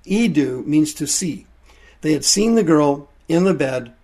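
A man preaching a sermon, explaining Greek words from the Bible with drawn-out emphasis. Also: on the high side, expressive, a little mellow, husky.

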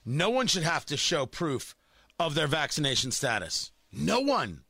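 A man's voice: a little high, very animated, measured pace, sharp tone, no echo. A man delivering a sarcastic, combative opinion monologue as a talk show host.

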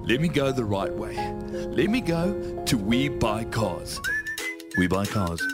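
A man's voice: lowish voice, very animated. A man voicing a chummy talking car. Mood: fond. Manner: folksy, chummy and unhurried. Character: friendly talking car, male, nostalgic old companion. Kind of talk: radio advert. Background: music bed.

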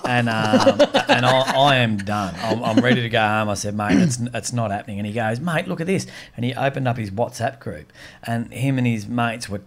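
On a podcast, an Australian man tells a story about a comedy gig in a casual, animated way, acting out the voices of the people involved. His pitch is medium and his pace moderate.

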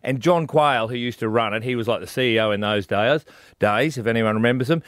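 A man co-hosts a radio show and spins an animated, chatty story in a mid-pitched voice. The studio sound is dry and close. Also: fast, dry recording. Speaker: radio co-host. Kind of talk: casual radio chat.

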